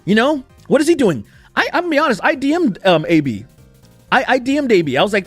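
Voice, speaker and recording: A man's voice: very high voice, big pitch swings, fast talker, husky, no echo, soft background music. A young man ranting in a heated, profane commentary, talking emphatically and swearing often. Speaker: commentary YouTuber.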